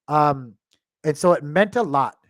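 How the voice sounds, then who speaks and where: A man's voice: on the high side, animated, measured pace, no echo, clean studio sound. A man hosting a crypto channel, talking casually to his viewers with many restarts and fillers, choked up with emotion.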